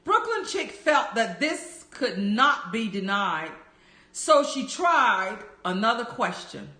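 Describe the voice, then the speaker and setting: Woman, bedtime story narrator, gentle slow reading, higher voice, bright tone. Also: very animated. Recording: roomy echo.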